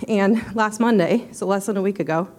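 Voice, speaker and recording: A woman giving a church testimony, out of breath, nervous and apologetic, speaking haltingly. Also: mid-range voice, a little mellow. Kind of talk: spontaneous testimony.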